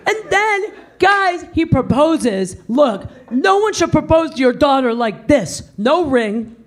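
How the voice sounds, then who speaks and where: A woman's voice: high-pitched, slow pace. A woman doing a brash, profane stand-up set on a comedy club stage, into a handheld mic. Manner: brash, profane, animated storytelling. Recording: live club audience laughing. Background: crowd laughing and cheering.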